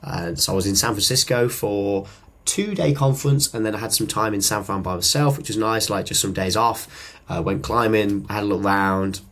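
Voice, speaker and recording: A man's voice: fairly low pitch, moderate pace, fairly bright tone. A man from the UK co-hosting a podcast, chatting in a rambling, jokey way about his work and travels. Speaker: podcast co-host, musician and videographer. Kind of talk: casual podcast chat.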